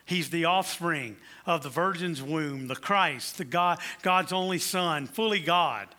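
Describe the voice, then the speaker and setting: A man's voice: fairly high pitch, measured pace, bright, forceful tone. A man preaching a Christmas sermon, building to emphatic declarations and telling stories to his congregation. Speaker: pastor.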